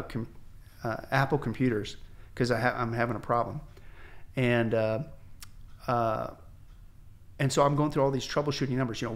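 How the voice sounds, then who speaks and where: A male pastor from the United States, guest on a podcast, telling his conversion story in an animated way, acting out the voices of people he quotes, with frequent restarts. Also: medium pitch. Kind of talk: candid testimony storytelling. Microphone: podcast microphone.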